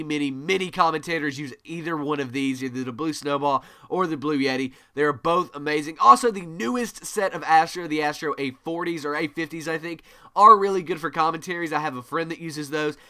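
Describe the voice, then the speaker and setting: A man giving a gaming tutorial to camera, energetic and always varying his pitch, on a USB desk mic. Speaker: gaming YouTuber. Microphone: USB desk microphone.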